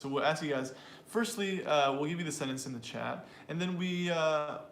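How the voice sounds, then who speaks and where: A man's voice: on the high side, moderate pace, a bit bright, reverberant, slight background noise. A man teaching an English pronunciation lesson to a live audience, explaining and drilling sentences aloud in an upbeat way.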